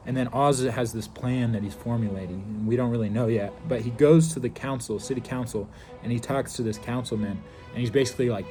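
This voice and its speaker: A man's voice: mid-range voice, fairly even intonation, fairly quick, mellow, soft background music. A man casually recapping a TV episode, rambling loosely with many fillers. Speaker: TV show reviewer.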